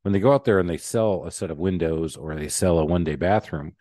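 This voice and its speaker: A man's voice: low-pitched, quick pace, mellow, no echo, clean studio sound. A man hosting a podcast, chatting in a rambling, joking way. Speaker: podcast host. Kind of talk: casual interview chat.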